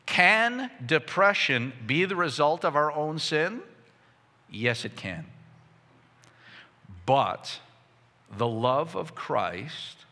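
Pastor, male, fiery sermon delivery, bright tense voice, reverberant church hall. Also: fairly high pitch. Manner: impassioned, rising to near shouts.

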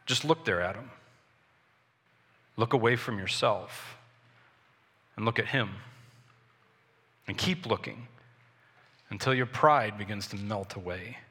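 A man's voice: fairly low pitch, takes it slowly, pauses often, bright, forceful tone, husky. A man preaching a sermon earnestly, often repeating himself and correcting his words in a church. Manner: earnest, repetitive, self-correcting. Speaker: pastor. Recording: long hall reverb.

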